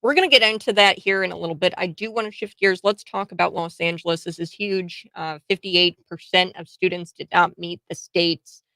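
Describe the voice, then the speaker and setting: Indignant gravelly-voiced American woman host. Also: lowish voice, fairly even intonation, brisk, hardly any pauses, pushed and bright, no echo. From United States. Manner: emphatic, indignant, with frequent fillers and restarts. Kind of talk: political commentary.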